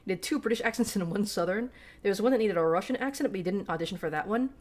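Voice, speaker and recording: A woman's voice: mid-range voice, racing, darkish tone. A woman streamer giving casual, profane, self-deprecating commentary while reading game text aloud.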